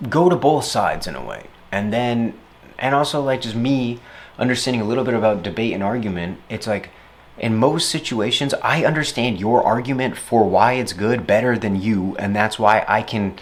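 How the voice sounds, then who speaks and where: A man talks through his thoughts in a loose, meandering monologue, full of fillers and restarts. His voice sits at a middling pitch, and it jumps up and gets louder when he acts out his own past remarks. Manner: rambling, animated when quoting himself. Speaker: interviewee. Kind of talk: reflective casual monologue.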